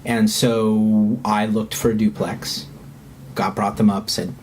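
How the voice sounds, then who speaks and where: A man who is a podcast guest, telling a candid personal story in an earnest, halting way and swearing when heated. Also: on the low side, little pitch movement, a little mellow, a little hiss or hum.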